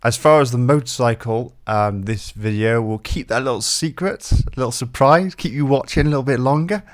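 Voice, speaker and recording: A man's voice: mid-range voice, normal speed. Chatty self-deprecating male vlogger. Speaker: motorcycle vlogger. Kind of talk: casual piece to camera.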